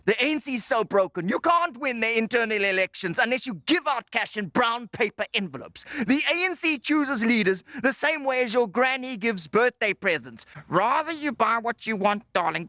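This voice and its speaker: A man doing stand-up, delivering political jokes as rapid one-liners. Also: very high voice, bright, forceful tone, no echo, studio quality. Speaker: stand-up comedian.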